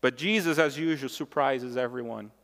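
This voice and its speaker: A man's voice: mid-range voice, moderate pace, a bit bright. A male pastor delivering a sermon with emphatic, repeated phrases. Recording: long reverb of a large hall.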